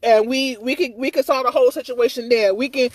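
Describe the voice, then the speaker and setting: A woman's voice: high voice, fairly even intonation, a little fast, a little mellow, dry recording. A woman in a casual live-stream rant, agitated and rambling, repeating herself and swearing, with speech. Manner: swears freely, stammers on restarts. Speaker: livestreamer.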